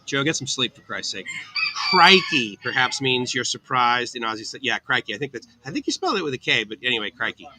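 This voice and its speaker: Sing-song and fairly quick, a man with a bright, forceful, medium-pitched voice chats upbeat with his livestream viewers from an outdoor cafe on a tropical island. He reads their comments and replies to each by name. The recording quality is low.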